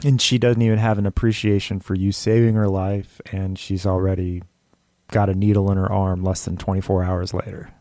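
Low, mellow-voiced male podcast host. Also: little pitch movement, brisk, no echo, clean studio sound. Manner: reflective, sums up the guest's points. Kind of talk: interview conversation.

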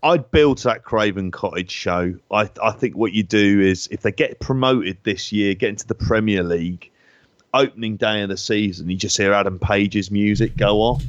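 Man, London accent, casual podcast chat, rambling, low voice, muffled close dry recording. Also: moderate pace, dry recording. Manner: chatty, laughs often, rambling. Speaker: podcast co-host.

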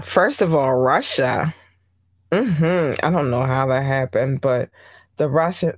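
Baltimore host gushing over listeners, mid pitch, dry close sound. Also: no echo. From Baltimore, Maryland. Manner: effusive and affectionate, big playful pitch jumps. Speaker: podcast host. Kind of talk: casual listener shout-outs.

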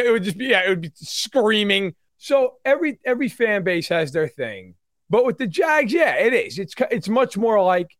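A man in his thirties co-hosting a casual sports talk show, animated and mimicking fans in loud put-on voices. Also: high voice, normal speed, dry recording, clean studio sound. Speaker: sports podcast co-host.

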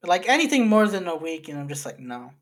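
A man's voice: high voice, sing-song, quick pace. A man co-hosting a casual podcast, defensive and exasperated, swearing freely as he argues his point. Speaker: podcast co-host.

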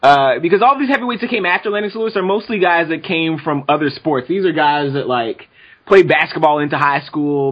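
A man's voice: fairly high pitch, dull audio. A man guest on a podcast in casual chat, explaining at length and laughing easily.

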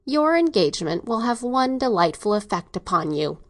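A woman reads an audiobook, voicing a middle-aged doctor father who is domineering and speaks in a measured, dry, ironic manner. Her pitch is fairly high and her delivery very animated, with a cold mood.

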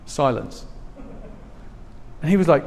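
A man preaching a sermon, animated and emphatic, swinging between loud and hushed. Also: on the high side, slow, gravelly. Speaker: pastor. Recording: long hall reverb.

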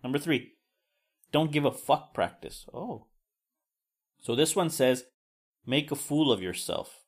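A man's voice: medium pitch, lively intonation, unhurried. A man hosting a solo podcast, talking casually with frequent swearing and self-deprecating asides. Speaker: podcast host.

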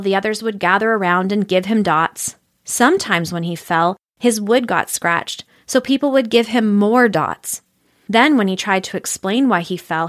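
Expressive woman reading a storybook aloud. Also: mid-range voice, dry recording, studio quality. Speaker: narrator.

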